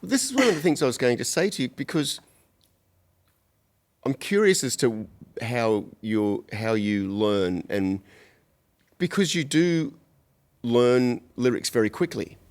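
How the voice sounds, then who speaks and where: A man's voice: mid-range voice, big pitch swings, unhurried, pauses often. A man hosting a podcast, asking curious questions in a casual interview. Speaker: podcast host.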